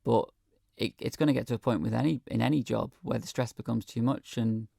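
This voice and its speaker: Very gravelly man, hesitant. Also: medium pitch, steady tone, brisk, warm tone, no echo, clean studio sound. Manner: hesitant, earnest, filled with ums. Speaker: guest, hospital patient. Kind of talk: radio interview. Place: radio studio.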